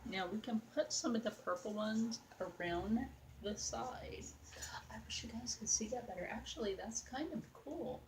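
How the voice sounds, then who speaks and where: A woman's voice: fairly high pitch, normal speed, a little hiss or hum, low-quality recording. A young woman chatting casually as she works on a craft project, rambling and talking to her viewers and to a doll. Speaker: craft vlogger.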